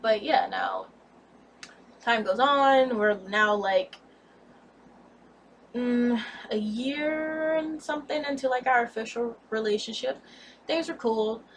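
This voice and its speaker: Expressive young woman telling a story. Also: on the high side, slow, pauses often, distant mic, a little hiss or hum. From United States. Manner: candid, blunt, expressive retelling with cursing. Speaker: vlogger. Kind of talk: storytime vlog.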